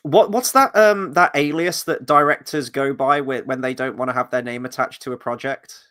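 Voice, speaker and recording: A man hosting a casual film review discussion, chatty and animated as he tells stories. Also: mid-range voice, normal speed.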